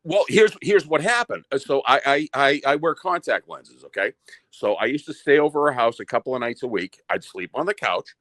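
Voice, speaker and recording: Male podcast guest with a Boston accent and an average pitch, a profane and stammering storyteller recorded dry. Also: moderate pace, no room sound. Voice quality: profane, stammering, animated retelling. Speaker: listener telling a story.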